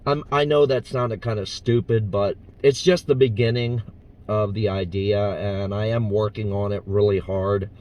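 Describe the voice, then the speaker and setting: A man's voice: lowish voice, fairly even intonation, moderate pace, darkish tone, dull audio. A man from the US South talking casually in a vlog as an impressionist, hesitant and full of fillers. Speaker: impressionist vlogger.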